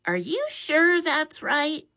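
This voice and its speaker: Woman doing a high-voiced earnest young boy. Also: very animated, slow pace, sharp tone, exaggerated voice. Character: young boy, polite and helpful.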